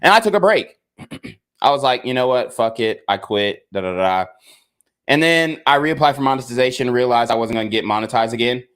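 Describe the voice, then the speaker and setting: A man's voice: medium pitch, lively intonation, brisk, fairly bright tone, smooth. A young man, a video creator, talking straight to his viewers in a frustrated, emphatic rant, repeating himself and swearing. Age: young adult. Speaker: content creator. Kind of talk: casual rant to camera.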